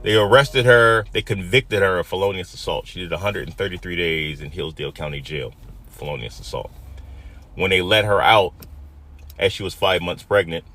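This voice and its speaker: A man in his fifties from Detroit tells a personal story in an emotional, dramatic way, dropping to a hush and then rising loud. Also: low voice, moderate pace. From Detroit, USA. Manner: emotional, dramatic retelling that swings from hushed to loud.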